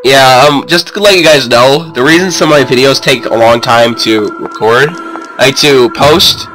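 A man giving excitable let's-play commentary, talking to the characters and yelling in frustration at the controls. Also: mid-range voice, moderate pace, poor audio. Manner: excitable, yells at the game. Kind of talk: game commentary. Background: game music.

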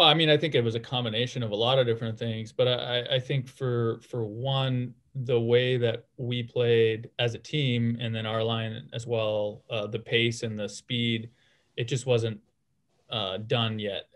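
A man in his thirties talks through his answers casually, piling up fillers and restarting his sentences. His pitch barely moves, giving a flat, level delivery that stays calm throughout. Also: moderate pace. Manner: relaxed, many fillers and restarts. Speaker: guest, former hockey player.

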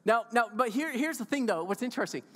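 A very high-pitched, fairly bright male voice races along expressively as this pastor preaches. Full of playful enthusiasm, he banters with the congregation in the sanctuary, and long church reverb hangs on every phrase.

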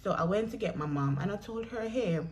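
A woman's voice: medium pitch, lively intonation, fast, a little mellow. Jamaican woman telling a story to her viewers. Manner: chatty, addresses viewers directly, acts out quoted voices. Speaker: vlogger. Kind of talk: storytelling vlog.

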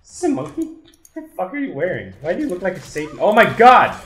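A man playing a team shooter with friends, swearing loudly with frantic outbursts in casual chat. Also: sits high, wildly swooping pitch, quick pace. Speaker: gamer. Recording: echoey room.

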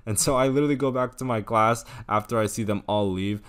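Young guy, very low voice, relaxed storyteller, swears and chuckles a lot. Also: fast talker, smooth. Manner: laid-back, swears often, laughs through the story. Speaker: storytime vlogger. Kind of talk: casual storytelling over gameplay.

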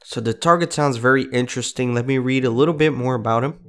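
A man's voice: medium pitch, fast, a bit bright. Congested man hosting a game playthrough. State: congested from a cold. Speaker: gaming channel host. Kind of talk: casual game commentary.

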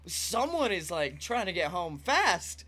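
A man co-hosting a podcast, chatting casually and telling animated stories from home. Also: high-pitched, slow pace. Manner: animated storyteller, acts out characters, laughs a lot. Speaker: podcast co-host. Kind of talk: casual comedic chat.

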